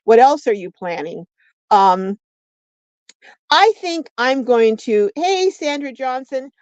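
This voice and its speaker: A woman's voice: on the high side, a little mellow, dry recording. A woman hosting a casual livestream chat, greeting viewers by name and reading their comments aloud. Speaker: livestream host. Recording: dull lo-fi dry sound.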